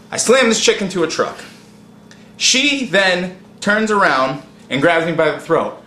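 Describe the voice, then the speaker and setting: Bright, excitable man saying dude. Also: a little high, a little hiss or hum. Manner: excitable, profane, says "dude" constantly. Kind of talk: casual storytelling. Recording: echoey room.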